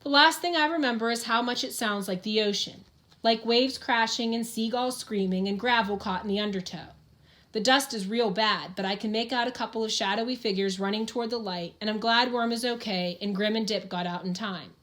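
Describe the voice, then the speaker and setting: A woman's voice: on the high side, fairly quick, a bit bright. Woman narrating a first-person audiobook.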